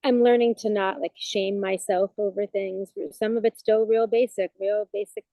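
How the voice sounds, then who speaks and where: A woman's voice: mid-range voice, little pitch movement, moderate pace, warm tone, dry recording, low-quality recording. A woman chaplain talking as a guest in a casual, reflective conversation, searching for words with frequent "you know" fillers.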